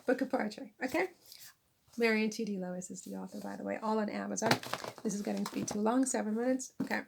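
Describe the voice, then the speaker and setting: A woman's voice: mid-range voice, vocal fry, slight background noise. A woman vlogger chatting casually to camera, self-deprecating and laughing at herself as she recommends her books. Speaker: vlogger and author. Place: lives in France.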